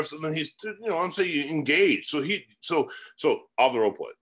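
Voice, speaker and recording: A man's voice: a little high, animated, fairly quick, fairly bright tone. A man in his forties, a real estate mentor, giving a casual motivational lesson full of fillers and rhetorical questions.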